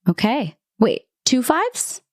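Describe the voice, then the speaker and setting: A woman narrating as game master, telling the scene with lively storytelling and plenty of fillers and restarts. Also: on the high side, slow, no echo, clean studio sound.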